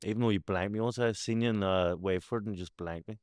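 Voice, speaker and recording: A man's voice: on the low side, brisk, a little mellow, smooth, no room sound, clean studio sound. A man with a Belfast accent hosting a podcast, chatting casually, swearing and laughing easily. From Northern Ireland. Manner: laughs easily, swears, stammers with repeated words. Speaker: podcast host. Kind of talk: casual chat.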